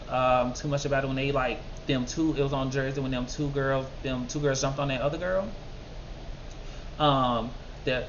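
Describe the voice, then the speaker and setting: An animated man reviews a reality show in casual commentary, talking back at the screen. His voice sits at an ordinary middle pitch. The recording is a little dull and lo-fi, with a faint hiss behind it. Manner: animated, talks back at people on screen, mimics others in high voices. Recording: slightly dull lo-fi sound with faint background noise.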